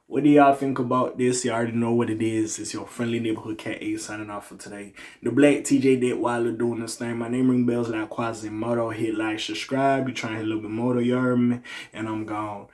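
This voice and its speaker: Animated man doing casual hip-hop commentary. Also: brisk. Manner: animated, swings from loud exclamations to low muttered asides. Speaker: commentary channel host.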